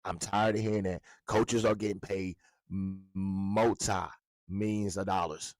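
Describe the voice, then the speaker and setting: A man's voice: deep voice, level tone, a little slow, no room sound. A man ranting with profane, mocking, confrontational commentary about a football coach. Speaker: sports commentator.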